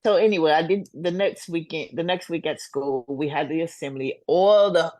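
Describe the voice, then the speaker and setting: An older woman, a singer, tells stories with animated energy and acts out the voices she quotes. She laughs easily as she talks, and her voice sounds dry and close. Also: sits low, moderate pace, dry recording. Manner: laughs often while talking. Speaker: singer and guest. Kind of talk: storytelling in a casual interview.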